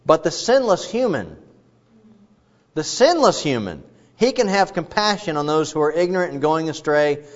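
A man's voice: fairly high pitch, big pitch swings, moderate pace. A man preaching an expository sermon in a conversational, digressive way with frequent asides. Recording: dull lo-fi recording.

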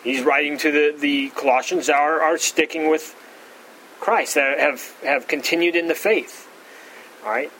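A man's voice: fairly even intonation, unhurried, a bit bright, a little hiss or hum, poor audio. A man teaching a verse-by-verse Bible study, stressing key words and often restarting his phrases. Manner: emphatic, stresses key words with pitch jumps and frequent restarts.

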